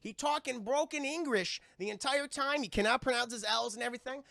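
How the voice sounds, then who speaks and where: Male streamer, high and gravelly, very bright, swearing casual film recap aimed at chat. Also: a little fast, dry recording, studio quality. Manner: animated and profane, keeps addressing his chat; bursts into loud high laughter.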